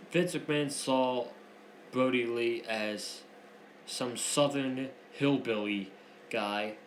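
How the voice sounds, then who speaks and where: A man hosting a wrestling news show, commenting in a heated, opinionated way and repeating himself for emphasis. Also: medium pitch. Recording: echoey room with faint noise.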